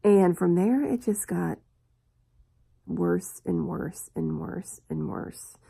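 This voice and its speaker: A woman in her thirties telling a personal story in a confessional vlog, slowly and reflectively, with long pauses. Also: on the low side, gravelly, dark tone, slightly rough. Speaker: vlogger.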